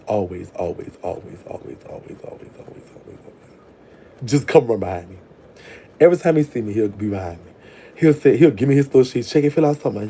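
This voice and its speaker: Brash, crude man, dark husky voice. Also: mid-range voice. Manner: brash, crude, laughing, trails off into murmurs. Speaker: vlogger telling prison stories. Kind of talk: casual storytelling.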